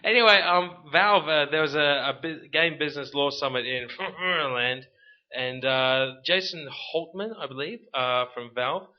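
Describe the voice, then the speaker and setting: A man's voice: a little high, unhurried. An Australian man hosting a casual podcast chat, rambling and tripping over his words, recorded as slightly dull lo-fi audio. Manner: rambling, trips over words and laughs at himself. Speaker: podcast host.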